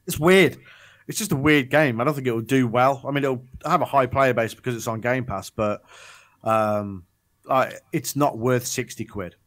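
A co-host on a gaming podcast speaks at normal speed in a mid-range, slightly bright voice. He chats casually and rambles, with many restarts and ums.

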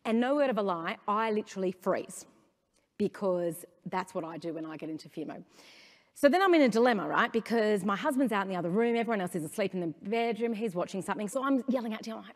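Animated Australian woman speaker in a hall. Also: mid-range voice, fast talker. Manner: animated storytelling, asks the audience questions. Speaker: conference speaker. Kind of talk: conference keynote talk. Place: conference hall stage. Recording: long hall reverb.

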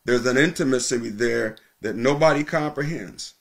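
A man preaches from the pulpit in a steady mid-range voice. He teaches with emphatic repetition, drawing out important words slowly to drive them home. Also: medium pitch, vocal fry. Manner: emphatic teaching, repeating key phrases, slowing for stress. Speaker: pastor. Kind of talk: sermon.

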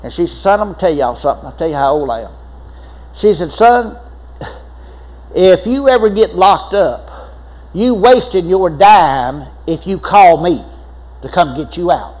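A man's voice: high voice, lively intonation, measured pace, pauses often, darkish tone, low-quality recording. An older man, preaching a sermon as pastor, telling folksy stories with laughs and repeated phrases.

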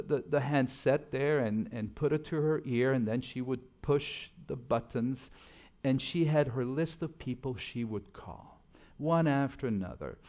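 Middle-aged male preacher, church sermon, storytelling delivery with big swings in volume. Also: mid-range voice. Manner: storytelling, swings between loud emphasis and soft asides. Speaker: pastor.

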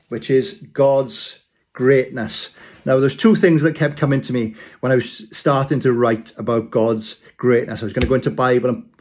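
A man delivering a casual church talk in a conversational, rambling way. He tells his story with many restarts and asides. His voice sits at an ordinary middle pitch. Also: a little mellow. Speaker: church speaker. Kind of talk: informal sermon.

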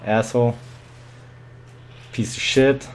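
A man's voice: mid-range voice, steady tone, takes it slowly. A man commentating his own shooter match live, muttering and swearing with sudden yelps.

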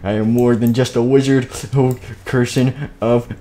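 A man's voice: mid-range voice, little pitch movement, measured pace, warm tone. Man, live-stream game narration, playful, switches into character voices.

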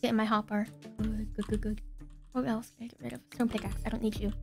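Giggly high-voiced woman gamer. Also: fast, soft background music. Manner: excitable and giggly, talks to herself. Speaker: gaming video creator. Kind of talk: casual let's-play commentary.

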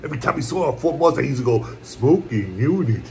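A man in a casual home eating vlog, rambling along in a relaxed, repetitive way as he talks to his viewers. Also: medium pitch, racing, vocal fry, slight background noise. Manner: laid-back, rambling, repeats "my brothers" and "puppy". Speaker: mukbang vlogger. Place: at home, indoors.

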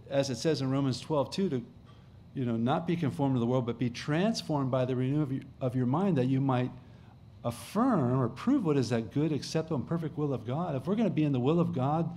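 Higher-voiced man preaching conversationally. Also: mellow, slight background noise. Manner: conversational preaching with restarts and emphatic repetition. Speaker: pastor. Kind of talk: sermon.

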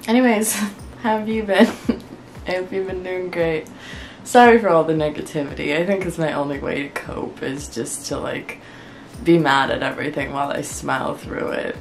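Low-voiced woman vlogger, worn out and wry. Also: fairly even intonation, normal speed, a little hiss or hum. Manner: rambling, wry and frustrated, laughing through complaints. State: unwell, worn out. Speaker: clay crafting vlogger. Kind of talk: casual chat to camera.

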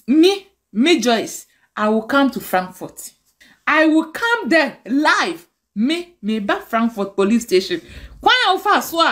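A Ghanaian woman with a Ghanaian accent, ranting angrily and scolding in a direct-to-camera video. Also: high voice. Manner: angry, scolding rant mixing languages.

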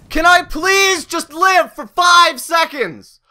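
A man giving live gameplay commentary, frustrated and ranting, sometimes breaking into loud shouts. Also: very high-pitched, huge pitch swings, takes it slowly. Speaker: gamer recording gameplay commentary.

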